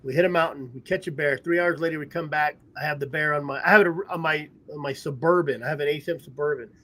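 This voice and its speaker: A man's voice: fairly high pitch, quick pace, fairly bright tone. A rambling man, chatting casually on a podcast over a remote call. He tells his stories loosely and laughs often between them. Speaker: podcast host. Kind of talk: casual chat. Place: at home in a trailer.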